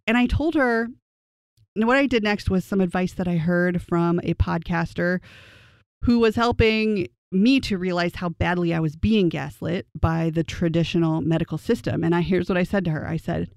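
A young adult telling a personal story to camera in an earnest, indignant way, the voice climbing high whenever the telling turns upset. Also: moderate pace, dry recording. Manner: earnest and indignant, pitch rising sharply when upset. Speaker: storyteller recounting a personal experience. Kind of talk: emotional first-person storytelling.

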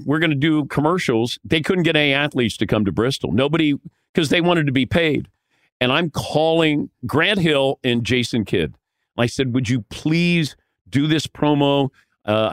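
A man guest telling lively stories from his broadcasting career, acting out the quotes. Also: medium pitch, dry recording, studio quality. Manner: lively storyteller who acts out quotes. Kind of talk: animated anecdote telling.

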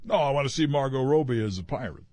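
A man's voice: mid-range voice, lively intonation, quick pace, a little mellow, no room sound. A male radio co-host in the studio, teasing his partner with wry, playful banter.

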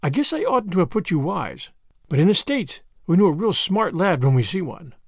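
A man's voice: sits high, big pitch swings, normal speed, dry recording, clean studio sound, heavily acted. A man voicing a plucky young woman who poses as a brash, slangy American detective in an audiobook. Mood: conspiratorial.

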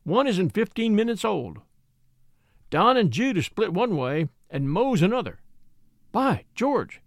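A man voicing a gruff, bold Western ranger who barks orders with raised, emphatic delivery in an audiobook reading. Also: sits high, very animated, unhurried, dry recording, clean studio sound, exaggerated voice. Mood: excited.

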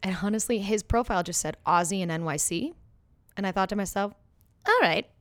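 A woman's voice: mid-range voice, fast talker, dry recording. A woman co-hosting a casual chat, candid and blunt, telling stories with some swearing. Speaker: podcast co-host.

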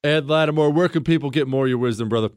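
A man's voice: fairly high pitch, racing, clean tone, no room sound. A man hosting a talk radio show in a sarcastic, self-mocking joking manner, speaking into a studio mic.

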